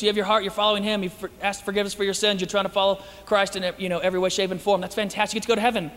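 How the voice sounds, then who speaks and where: A man giving a lively, joking talk to an audience as a Christian speaker, acting out the voices he quotes. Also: sits high, racing, hardly any pauses, big-room sound, a little hiss or hum.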